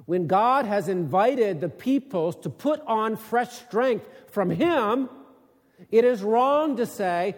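Male preacher, high voice, unhurried, reads scripture then presses with questions. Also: animated, long reverb tail. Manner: reads scripture aloud, then explains it with rising emphatic questions. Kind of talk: sermon-style Bible teaching.

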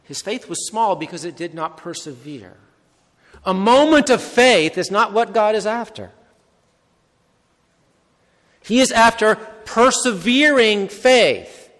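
A man preaching a sermon, with measured, emphatic phrasing and short repeated phrases. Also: high-pitched, a bit bright. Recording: long hall reverb.

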